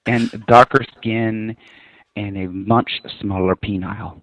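A man's voice: lowish voice, steady tone, slow, fairly bright tone, dry recording. Guy guesting on a podcast, jokey, laughs a bunch, lots of um and uh, dry close sound. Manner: joking, laughs often, hesitant fillers. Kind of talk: casual chat.

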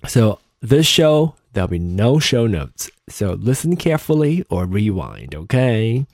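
A man's voice: lowish voice, very animated, measured pace, a little mellow, no room sound, clean studio sound. Tired, rambling man podcasting solo. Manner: rambling, chatty, self-deprecating, swears offhandedly. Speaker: podcast host. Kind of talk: casual solo podcast monologue. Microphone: close desk microphone.

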